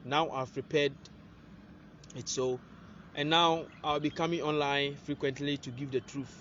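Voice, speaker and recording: A high-voiced man preaches in a loose, questioning style and keeps prompting his listeners. The phone recording is dull and lo-fi, with a faint hiss behind it. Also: steady tone, unhurried, fairly bright tone. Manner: rhetorical questions, prompting "what?". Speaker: spiritual teacher. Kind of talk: casual teaching monologue.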